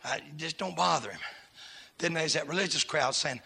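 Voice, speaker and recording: High raspy shouting preacher man. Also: normal speed. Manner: swings from hushed storytelling to shouting, Southern US dialect. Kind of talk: shouted revival sermon.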